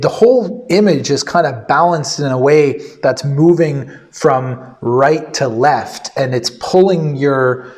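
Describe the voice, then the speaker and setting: A man from Canada, giving a casual, rambling photo critique full of fillers. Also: medium pitch. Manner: rambling, filler-heavy and upbeat.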